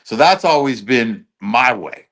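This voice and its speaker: A man's voice: medium pitch, expressive, measured pace, fairly bright tone. A man being interviewed as a guest, talking in blunt, loose street slang full of swearing. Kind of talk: casual chat.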